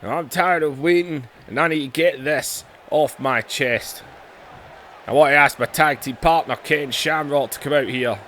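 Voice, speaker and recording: A man's voice: a little high, a little slow, sharp tone, a little hiss or hum. A man doing a fed-up wrestler. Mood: aggrieved. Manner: plain talking voice with a weak attempt at an accent. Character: angry adult male wrestler calling out his tag partner.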